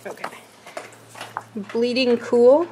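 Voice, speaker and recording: A woman's voice: a little high, mellow, slight background noise. A woman vlogging casually at home, chatting while she unboxes and reads out comic titles. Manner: chatty, slow when reading titles.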